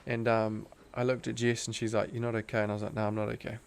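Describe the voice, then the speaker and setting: A man's voice: mid-range voice, flat delivery, quick pace, gravelly, slight background noise. A young man, a podcast guest, telling a personal story in an earnest, intense way, full of "like" fillers. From Australia. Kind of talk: casual storytelling interview.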